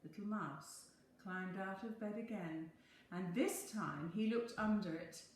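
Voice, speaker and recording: A woman teacher reading a picture book aloud in a slow, expressive storytelling voice. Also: medium pitch. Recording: very echoey room, faint hum.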